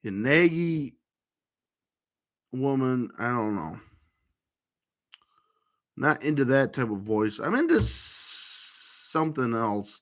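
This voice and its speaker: A man's voice: medium pitch, a bit bright. A man vlogger talking in a rambling monologue to camera, full of restarts and trailing fillers.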